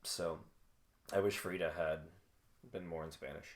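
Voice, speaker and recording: A man's voice: deep voice, fairly even intonation, a little slow. A man co-hosting a film podcast who talks loosely, full of "like" and "you know", and laughs easily. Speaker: podcast co-host. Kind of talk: casual film discussion.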